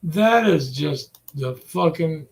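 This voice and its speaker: Gravelly high-voiced man ranting crudely. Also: animated, takes it slowly. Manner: profane, exasperated ranting. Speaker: gaming channel host. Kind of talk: ranting gameplay commentary.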